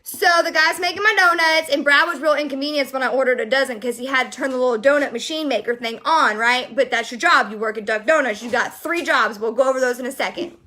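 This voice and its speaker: A young woman telling a story casually to her viewers, animated and exasperated as she vents. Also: high-pitched, fast, few pauses. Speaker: vlogger.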